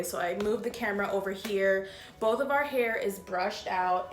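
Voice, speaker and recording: Chatty woman vlogger, mid-pitched. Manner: chatty, leans on "like" and "um" fillers; bubbly and upbeat when greeting viewers. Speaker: beauty vlogger. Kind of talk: casual chat, showing a hair-dye routine.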